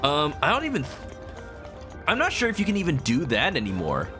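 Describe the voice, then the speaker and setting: Talking fairly quickly in a slightly high voice with huge pitch swings, this man streams a video game. He rambles casually, chats with viewers while playing, and hums along to the game music behind him.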